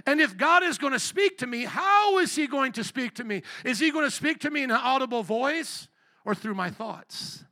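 Bright-voiced, gravelly preaching man. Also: very high voice, moderate pace. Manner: energetic preaching, questions and call-and-response with the congregation. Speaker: pastor. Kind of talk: live sermon. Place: church sanctuary.

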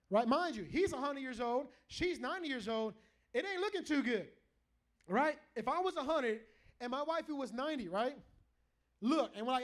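A man in middle age preaches to a live church congregation with a strikingly high voice. He jokes, teases and calls out to the crowd as he goes. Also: brisk. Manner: animated, joking, calls out to the congregation. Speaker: pastor. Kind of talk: lively preaching sermon.

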